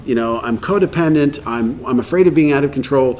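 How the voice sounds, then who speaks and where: Man, Texan accent, middle-aged, recovery meeting speaker, lively, acts out quotes. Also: on the high side, brisk, few pauses. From Texas. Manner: animated, acts out quoted voices.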